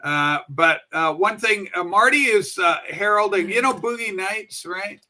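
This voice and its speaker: A woman's voice: medium pitch, a little slow, pushed and bright. A woman in her seventies hosting a livestream show, chatting in a rambling, folksy way and swearing casually.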